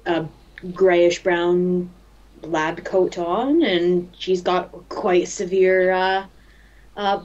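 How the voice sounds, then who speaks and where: A woman's voice: lowish voice, a little mellow, distant mic. A woman playing a tabletop role-playing game, hesitant and offhand as she describes and voices her character. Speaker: player. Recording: dull lo-fi recording.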